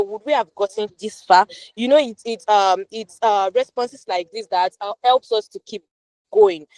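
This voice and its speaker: A woman's voice: fairly high pitch, a little mellow, dry recording. A woman tutoring a live online class, reading out viewer comments in an upbeat way, with lots of repetition and fillers. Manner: upbeat, repeats phrases, many fillers.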